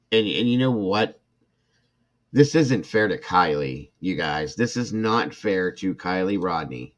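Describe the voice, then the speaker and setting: Deep-voiced irritated livestream host, a man. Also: animated, takes it slowly, long pauses, highs cut off. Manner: emotional, irritated, talks to chat viewers by name. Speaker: true crime livestream host. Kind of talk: casual livestream commentary reading a report.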